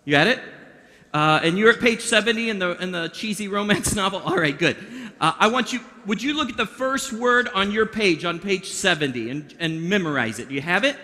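A man's voice: sits high, lively intonation, fairly quick, pushed and bright. A man performing a mind-reading act for a youth audience, chatting playfully and directing volunteers. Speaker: magician performing for a youth group. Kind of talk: interactive stage patter. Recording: long hall reverb.

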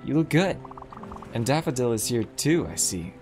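A man's voice: mid-range voice, lively intonation, moderate pace, voice pushed up, natural voice. A man voicing a dry-witted, elegant deer woman in a video game, speaking in a wry, composed and slightly posh way. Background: game music.

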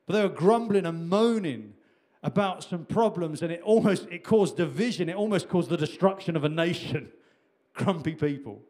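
A man's voice: a little high, lively intonation, moderate pace, darkish tone. A middle-aged man preaching a sermon in a conversational way, with repetitions and restarts. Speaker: pastor.

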